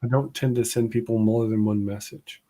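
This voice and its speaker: A man's voice: on the low side, steady tone, moderate pace, dark tone. A man who hosts a morning show, chatting casually as a guest, rambling and often restarting his sentences. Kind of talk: casual chat.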